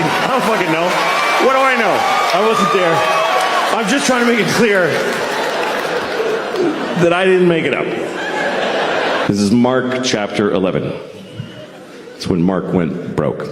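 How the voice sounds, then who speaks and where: Animated, profane stand-up comedian. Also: male voice, mid-range voice, moderate pace, long pauses. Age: 30s. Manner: animated, profane, self-deprecating. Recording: echoey room with loud background noise.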